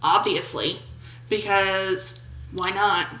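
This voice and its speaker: Speaking slowly with fairly even intonation, this woman has a medium-pitched voice that comes across pushed and bright. She's a gaming YouTuber of about twenty-seven, reading a game's questions aloud while goofing around with jokes and short put-on voices. The low-quality recording is echoey with slight background noise.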